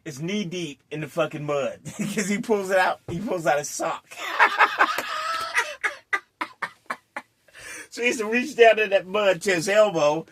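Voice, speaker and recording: A high-pitched man tells a rowdy anecdote as host, cursing freely, breaking into laughter and acting out each moment. A faint hiss sits under his voice. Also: moderate pace, hardly any pauses. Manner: crude, swearing storyteller who laughs often and acts out scenes. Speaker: host telling a story. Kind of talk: casual anecdote telling.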